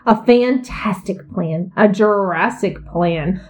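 A woman reads a children's picture book aloud with playful emphasis. Her voice is at a middling pitch and carries the story along. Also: slow, a little mellow, low-quality recording.

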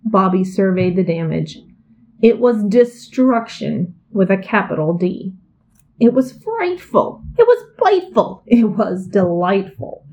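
A woman reads a children's picture book aloud with playful emphasis. Her voice is at a middling pitch and carries the story along. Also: very animated, slow, darkish tone, rough recording.

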